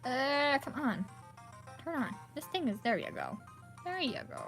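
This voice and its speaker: A woman's voice: high-pitched, sing-song, measured pace, over music. A young woman chatting casually to viewers during a game livestream, rambling and apologetic, from home. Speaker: streamer.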